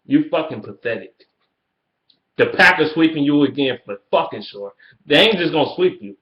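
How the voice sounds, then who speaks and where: A man ranting in a fan video, trash-talking the rival team, swearing freely, and jumping into high mocking sing-song taunts. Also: animated, normal speed, a bit bright. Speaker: sports fan vlogger. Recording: echoey room, dull lo-fi sound.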